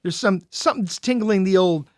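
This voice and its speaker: A man's voice: high voice, normal speed, darkish tone, no room sound, clean studio sound. A man co-hosting a podcast, telling a story in casual chat and acting out the quoted lines with animation. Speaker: podcast co-host.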